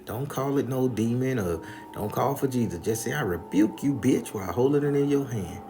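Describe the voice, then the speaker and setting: A man's voice: medium pitch, expressive, moderate pace, mellow, soft background music, pitched above the performer's own voice, lightly acted. A man doing a bossy, profane old grandma. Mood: soothing but firm. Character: stern old grandmother, blunt and commanding.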